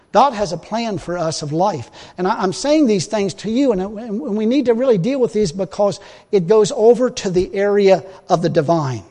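A man with a notably high voice delivers a folksy, emphatic sermon. He swings from loud exhortation to quiet, wry asides, chuckling along the way. The sound carries a long reverb from a large hall. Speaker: preacher.

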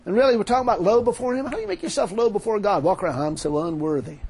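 A man preaching a sermon, animated, retelling a story with quoted dialogue. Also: extremely high pitch, very fast, husky, low-quality recording.

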